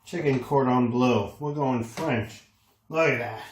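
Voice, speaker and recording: Slow-talking enthusiastic man cooking. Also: medium pitch. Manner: enthusiastic, exclaims over the food. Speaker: home cooking host. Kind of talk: casual cooking demonstration. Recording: echoey room, faint noise.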